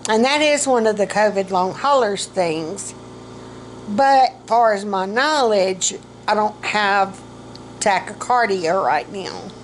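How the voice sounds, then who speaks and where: Slow-talking woman, breathless. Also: mid-range voice, a little hiss or hum, rough recording. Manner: rambling, self-mocking, laughs often. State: short of breath. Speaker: vlogger. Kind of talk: casual health vlog.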